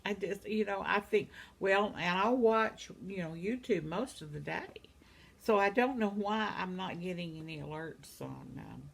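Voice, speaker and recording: A woman's voice: fairly low pitch, animated, normal speed, gravelly, breathy edge. A woman in her seventies chatting casually at home, reading out viewer comments and laughing often. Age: 70s. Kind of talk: casual chat.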